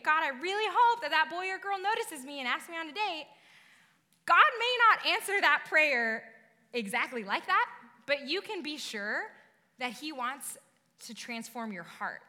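A young woman giving an earnest, animated youth sermon, talking directly with her audience. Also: fairly high pitch. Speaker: youth ministry speaker. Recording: long reverb of a large hall.

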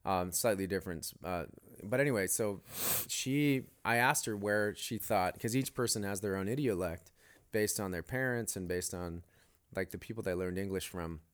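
A man's voice: deep voice, moderate pace, clear, resonant tone. A man co-hosting a church podcast, telling stories with enthusiasm in casual chat. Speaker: podcast co-host.

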